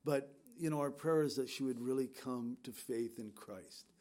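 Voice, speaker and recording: A man's voice: medium pitch, moderate pace, darkish tone. A middle-aged man pastor speaking to his congregation in a conversational, storytelling way, with fillers and restarts. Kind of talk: sermon.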